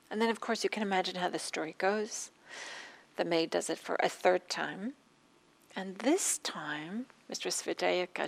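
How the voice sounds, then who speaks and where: A woman meditation teacher giving a dharma talk, speaking gently with pauses and a slightly scratchy throat. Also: fairly low pitch, creaky. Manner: gentle, soft-spoken with frequent pauses and fillers.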